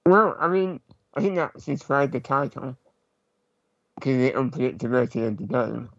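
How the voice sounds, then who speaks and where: A man chatting casually as a podcast co-host, relaxed and rambling, with many pauses. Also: mid-range voice, dry recording. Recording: slightly dull lo-fi mic.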